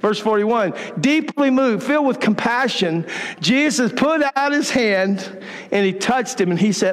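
High-voiced preacher in a reverberant hall. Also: male voice, expressive, a little slow. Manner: emphatic, impassioned preaching. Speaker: pastor. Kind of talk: sermon.

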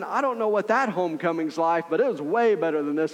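A middle-aged male pastor preaching a sermon in a conversational, earnest way, often checking in with listeners with quick asides. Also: fairly high pitch, lively intonation.

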